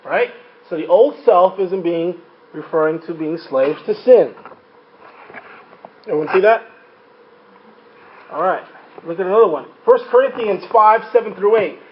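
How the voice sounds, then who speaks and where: A man teaching a Bible study class, who keeps checking in with his listeners with quick "right?" questions. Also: high-pitched, dull audio, slight background noise. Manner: frequent rhetorical checks like "right?".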